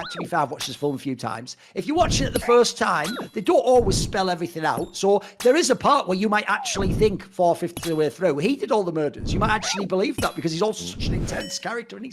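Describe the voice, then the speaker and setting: Quick, high-voiced blunt man. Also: background noise. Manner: blunt, opinionated. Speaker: podcast co-host. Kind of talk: casual film chat.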